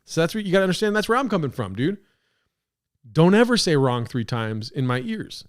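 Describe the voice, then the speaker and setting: A man's voice: fairly high pitch, big pitch swings, a little fast. A young man hosting a podcast, ranting casually with profane mock outrage while reacting to a clip. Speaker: podcast host.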